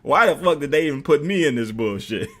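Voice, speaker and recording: A man's voice: fairly high pitch, normal speed. A man streaming, telling a story in a casual, profane way with lots of fillers. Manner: animated, profane, many fillers.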